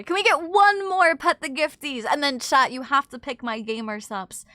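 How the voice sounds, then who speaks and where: A woman streamer chatting casually with her chat, apologetic and bubbly, quick to gasp and laugh. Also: sits high, sharp tone, no echo.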